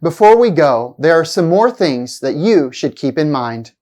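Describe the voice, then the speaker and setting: Brief: woman pronunciation teacher, low-pitched, very slow and deliberate, exaggerated word stress. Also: sing-song, warm tone. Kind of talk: scripted pronunciation lesson.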